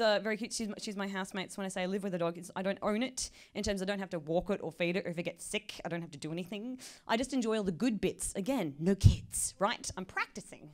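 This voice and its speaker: A woman's voice: mid-range voice, fast, hardly any pauses, a little mellow. A young woman doing live stand-up comedy in a chatty, self-mocking way, full of stumbling restarts. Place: live comedy venue with an audience.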